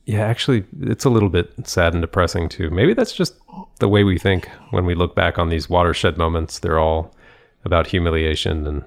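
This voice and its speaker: Deep-voiced guy with a gravelly edge, chatting casually, rambles and restarts a lot. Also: brisk. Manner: thoughtful, rambling with frequent restarts and laughs. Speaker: podcast co-host. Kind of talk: casual conversation, storytelling.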